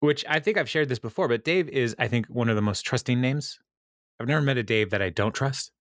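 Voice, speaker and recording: A man's voice: medium pitch, fairly quick, a bit bright, dry recording, studio quality. A man hosting a podcast, chatting casually and laughing often, with plenty of ums. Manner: laughs often, lots of ums, reads out quotes. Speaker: podcast host recapping episodes. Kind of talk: casual chat.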